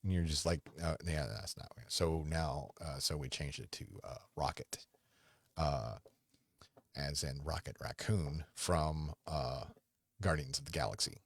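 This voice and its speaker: Very deep husky-voiced man rambling. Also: no echo. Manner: rambling, halting, talks fondly to his dog. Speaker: podcast host. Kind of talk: casual rambling livestream chat. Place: home. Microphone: desk microphone.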